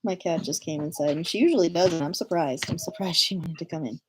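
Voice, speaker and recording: A woman's voice: on the low side, quick pace, background noise. A woman in her thirties hosting a casual livestream from home, chatty and self-deprecating, laughing often as she talks to viewers. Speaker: livestream host.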